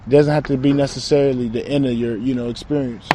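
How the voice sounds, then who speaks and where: A man's voice: mid-range voice, steady tone, fast talker, background noise. A young man talking casually in a rambling spiritual monologue, slangy and trailing off, recorded outside. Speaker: self-described channeler.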